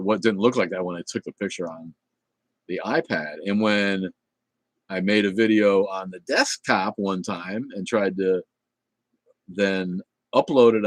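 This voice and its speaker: This middle-aged man speaks at a fairly low pitch while hosting a laid-back livestream, reading out viewer comments. His talk rambles, full of fillers and restarts, and his attitude is blunt and irreverent. There's no echo.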